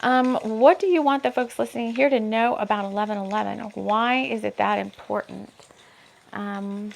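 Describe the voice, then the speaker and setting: A woman's voice: medium pitch, fairly even intonation, moderate pace, gravelly, a little hiss or hum. A woman who is an author doing an intuitive spiritual reading, thinking aloud with many asides while she reads from her book.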